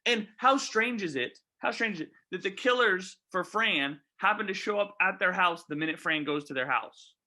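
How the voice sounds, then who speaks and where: A man co-hosting a podcast, chatting casually while reviewing a movie and firing off animated questions. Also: high voice. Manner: animated, rapid-fire questions, quotes own reactions. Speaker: podcast co-host.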